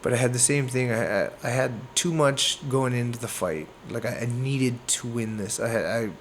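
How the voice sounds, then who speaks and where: A man from Canada, a boxer in his thirties, telling a fight story in a casual podcast chat. His voice sits at a middle pitch, and he talks in an animated way, acting out the blows with sound words. A faint hiss of noise runs behind him. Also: moderate pace. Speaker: boxer guest.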